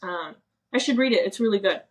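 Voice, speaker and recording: A woman's voice: medium pitch, animated, fairly quick, poor audio. Earnest, emotional woman in her thirties. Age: 30s. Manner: emotional, earnest, quotes herself and others in a casual chatty way. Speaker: podcast co-host. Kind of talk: candid personal storytelling.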